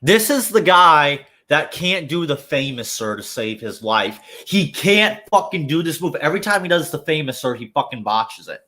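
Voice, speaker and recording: A man's voice: on the high side, very animated, normal speed, few pauses, sharp tone. A man hosting a livestream, ranting casually with lots of swearing and filler words. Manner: profane, rambling rant with many fillers. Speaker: livestream host. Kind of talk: casual chat.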